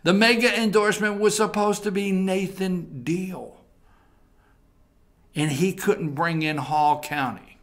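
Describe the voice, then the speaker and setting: A man hosts a talk show in a bright, forceful voice. His pitch sits a little high for a man, and he talks in a blunt, folksy way, straight to his viewers. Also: steady tone, slow pace. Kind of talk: political opinion talk show. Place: TV studio.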